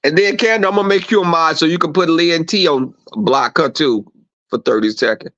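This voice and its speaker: A man hosts a livestream in a fairly high-pitched voice, speaking fairly quickly. Profane and animated, he chats casually with his viewers and acts out quoted conversations. The stream audio is dull and lo-fi.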